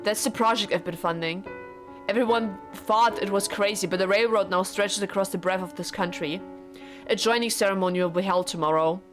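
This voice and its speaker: A woman reads the part of an earnest, formal young husband from a visual novel, who pleads with his wife in stiff, old-fashioned phrases. Her natural voice sits at a middling pitch and moves briskly, with game music clearly audible beneath the pleading dialogue.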